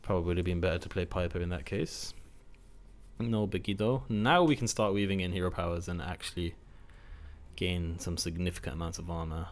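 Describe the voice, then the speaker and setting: A man's voice: deep voice, fairly quick, soft background music. A man hosting a gaming video, giving casual gameplay commentary, chatty and self-mocking as he thinks aloud.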